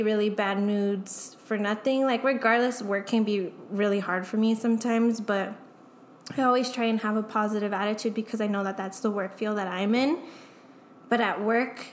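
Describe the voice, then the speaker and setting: A woman's voice: mid-range voice, slight background noise. A young woman as a guest, speaking candidly and emotionally in a casual chat, full of "like" fillers and swearing. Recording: echoey room.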